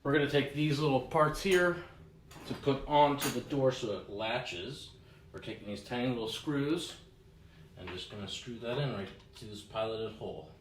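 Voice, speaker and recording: A young man hosting a do-it-yourself video, with a mock-serious, deadpan humor as he assembles a kit. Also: medium pitch, normal speed, reverberant, slight background noise. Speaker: realtor hosting a home renovation video. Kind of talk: joking do-it-yourself walkthrough.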